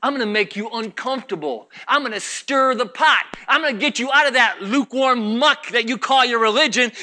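A middle-aged male pastor preaching a fiery sermon, swinging from shouts to low, intense murmurs and mocking the voices of churchgoers. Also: brisk, hardly any pauses. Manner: acts out congregation voices mockingly.

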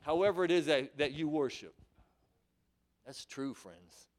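A man's voice: a little high, measured pace. A male preacher delivering a sermon, emphatic and repetitive, often calling his listeners friends.

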